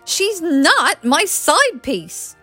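A woman's voice: very high-pitched, sing-song, very slow, sharp tone, faint music behind, pitched above the performer's own voice, heavily acted. A woman reading a flustered young man. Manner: sputtering, defensive.

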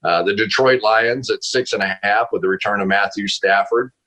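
A man on a video call from home talks casually as a football analyst. His voice is bright and forceful, set a little low. He stays animated, laughs often and restarts his sentences. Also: normal speed, poor audio. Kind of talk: casual storytelling interview.

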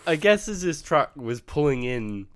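A man's voice: fairly high pitch, a little slow, slight background noise. A young man casually telling a story about his job to a friend, laughing now and then. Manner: laughs while telling, relaxed. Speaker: friend, steel-company worker.

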